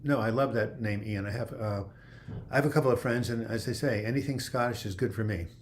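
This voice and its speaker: A man hosts a relaxed livestream Q&A, picking viewer comments off the screen and reading them out. He answers off the cuff in a voice of ordinary pitch, wandering a bit as he goes. A faint hum of room noise sits under him. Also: brisk. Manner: reads viewer comments aloud and answers them in a loose, chatty way; rambling, with frequent "you know" and restarts. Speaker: livestream host. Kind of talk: casual livestream Q&A.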